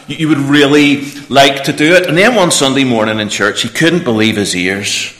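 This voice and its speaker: A man preaching a lively children's talk in church, asking the children questions. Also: medium pitch, normal speed, hardly any pauses, a little hiss or hum. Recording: echoey church room.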